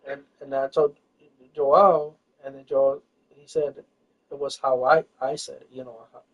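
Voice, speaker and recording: A man's voice: medium pitch, level tone, a little slow. A man telling a personal story in casual chat, rambling and hesitant, full of fillers and restarts. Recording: distant, dull lo-fi recording.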